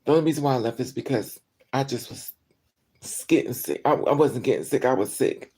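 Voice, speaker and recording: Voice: mid-range voice, fairly quick, darkish tone, slightly rough. An upset vlogger talks straight to the camera in an angry, profane monologue. The speech is full of ums and restarts, and the speaker has been crying all day. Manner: angry, profane venting with frequent fillers.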